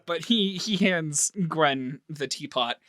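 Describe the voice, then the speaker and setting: A man narrating a tabletop role-play game as game master, animated and laughing often. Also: fairly high pitch, slow pace.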